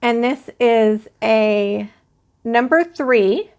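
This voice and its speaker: Slow, chatty woman hosting a crochet stream. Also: on the high side, a little mellow, smooth. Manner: chatty, rambling, addresses live chat viewers. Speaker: crochet channel host. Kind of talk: casual live-stream chat.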